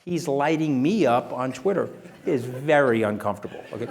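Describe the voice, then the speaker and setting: A man, an interview guest telling animated stories in a punchy way, often tagging his lines with "okay?". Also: medium pitch, fairly quick, vocal fry, a crowd in the background. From New York. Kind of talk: animated storytelling.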